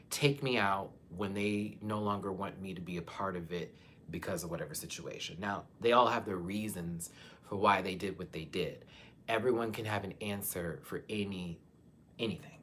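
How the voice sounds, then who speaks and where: Frank young man, low-pitched. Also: slight background noise. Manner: frank, confiding, swings between soft and loud. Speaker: YouTuber hosting a live chat. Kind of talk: candid live-stream talk to viewers.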